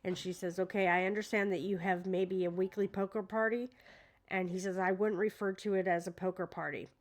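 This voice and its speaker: A woman reads a deposition aloud at home, breaking off to comment in a casual, incredulous way. She hesitates often and fills her pauses with ums. Her voice sits at an ordinary middle pitch. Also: steady tone. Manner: incredulous, hesitant with many fillers. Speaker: true crime commentator.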